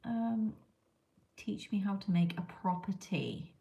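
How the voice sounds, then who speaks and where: A woman's voice: mid-range voice, expressive, slow pace, mellow. A woman, chatting casually with viewers as a livestream host and reading out their comments. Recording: echoey room with clear background noise.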